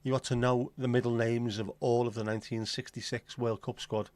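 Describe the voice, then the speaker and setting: A man's voice: medium pitch, little pitch movement, a little fast, a little mellow. Sweary, rambling man. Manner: rambling, jokey and sweary, slips into silly voices. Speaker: livestream host. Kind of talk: casual livestream chat.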